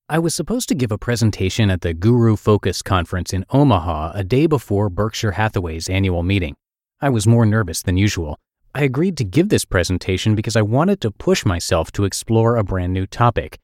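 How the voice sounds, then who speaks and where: Man, low voice, lively reading, dry close mic, daily blog narration. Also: a little fast, no room sound. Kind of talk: scripted narration.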